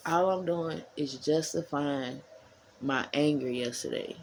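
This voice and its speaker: A woman talking casually to her followers, rambling and repeating herself. She swings from low murmurs to heated, profane bursts. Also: measured pace, a little mellow, a little hiss or hum, poor audio. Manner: frank and profane. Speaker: vlogger.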